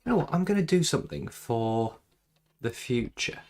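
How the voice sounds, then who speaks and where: While drawing on a live stream, a man chats casually and rambles through self-deprecating remarks about tech trouble. He speaks into a desk microphone plugged into his computer in a small home room. His voice is medium-pitched, sing-song and darkish, at a moderate pace.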